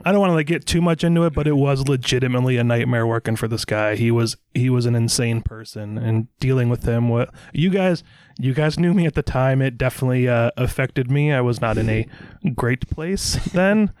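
A man co-hosting a podcast, telling stories in a casual chat and mimicking people in high voices. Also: brisk, darkish tone, clean tone, dry recording. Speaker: podcast co-host.

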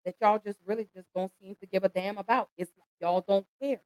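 A woman's voice: medium pitch, fairly even intonation, fairly quick, darkish tone, no echo, rough recording. Impassioned American woman, dry close sound. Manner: impassioned, pleading, addresses listeners as y'all. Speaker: host. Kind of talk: emotional commentary.

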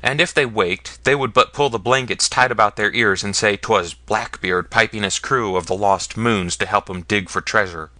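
Man voicing testy old smuggler fond of drink, bright forceful tone, dry sound. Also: lowish voice, normal speed, hardly any pauses, no echo.

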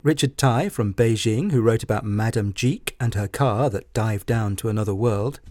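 A man co-hosting a show, briskly listing children who get special mentions. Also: lowish voice, mellow, dry recording, studio quality. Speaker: co-host announcing winners.

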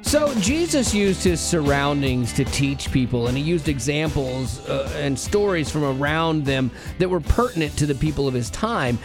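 A man's voice: fairly high pitch, expressive, over music. A man hosting a radio show, joking and teasing as he chats with callers and his co-host. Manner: playful, teasing, quick with jokes. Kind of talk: joking morning radio chat.

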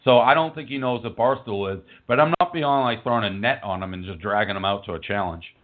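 A man's voice: lowish voice, fairly quick. A man hosting a call-in radio show, talking bluntly and rambling casually between callers. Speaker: host taking listener calls. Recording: narrow phone-like audio.

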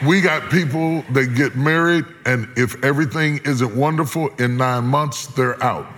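Man, sermon, dramatic swings from loud to hushed, mid-pitched voice, echoey church hall, noisy congregation. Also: moderate pace. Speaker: guest preacher. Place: large church auditorium with live congregation.

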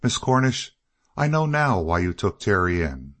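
A man voicing an earnest, passionate young woman for an audiobook, pitching his voice higher and pleading insistently. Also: sing-song, a little slow, a bit bright.

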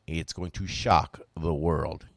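Male political show host, deep and dry, forceful and repetitive when he argues a point. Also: slow, gravelly, dry recording. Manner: emphatic, animated, repeats himself when making a point. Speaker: podcast host. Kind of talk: political talk show commentary.

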